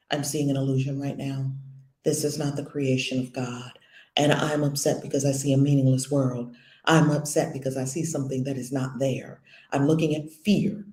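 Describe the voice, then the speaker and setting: Earnest woman teaching, warm roomy sound. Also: extremely low pitch, little pitch movement, moderate pace. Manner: earnest, emphatic, repeats phrases; conversational with playful asides. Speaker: spiritual teacher. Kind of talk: spiritual lesson talk.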